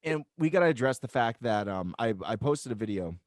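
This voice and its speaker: An American man co-hosting a podcast, ranting in disbelief in a very lively voice that swings up and down. His pitch is middle for a man. The sound is dry and close, with no room in it. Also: fairly quick, dry recording. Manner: animated, incredulous rants. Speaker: podcast co-host. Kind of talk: casual chat.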